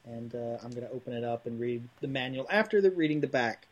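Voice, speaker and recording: A man's voice: medium pitch, expressive, quick pace, dull audio. A man co-hosting a retro gaming podcast, chatting casually and reading aloud with dramatic emphasis. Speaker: podcast co-host.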